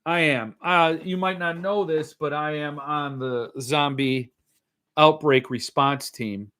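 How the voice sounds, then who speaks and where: Bright-voiced man hosting a chatty show. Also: a little high, fairly even intonation, slow. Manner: rambling, joking, reads comments aloud. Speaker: podcast host. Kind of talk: casual livestream chat.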